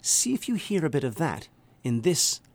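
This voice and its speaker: A man's voice: fairly high pitch, very animated, moderate pace, creaky. A man, an orchestra conductor enthusiastically presenting a concert program. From England. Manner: enthusiastic, hums melodies aloud.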